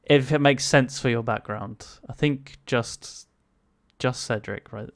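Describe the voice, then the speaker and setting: Slow, hesitant male game master. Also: medium pitch, no room sound. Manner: hesitant, many fillers, chuckling. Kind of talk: narrating a tabletop game.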